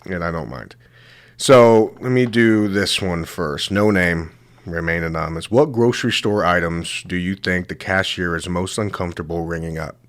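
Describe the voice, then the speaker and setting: A man's voice: low voice, moderate pace, no echo. A young man hosting a comedy show, telling rambling, crude stories full of swearing and laughing at his own jokes. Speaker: show host. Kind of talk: comedic storytelling monologue.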